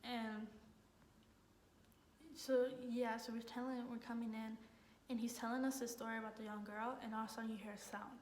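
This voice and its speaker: Young woman rambling through a story, lots of "like", kinda high voice, echoey room w/ a little hiss. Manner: rambling, heavy use of "like", excited retelling. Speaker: college student vlogger. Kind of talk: casual storytelling. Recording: echoey room, faint noise.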